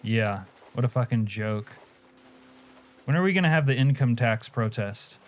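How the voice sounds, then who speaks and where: Speaking at normal speed in an expressive, medium-pitched voice, an Alaskan man streams a game and chats casually with viewers. The talk is crude and profane, full of jokes, chat replies and frequent laughter.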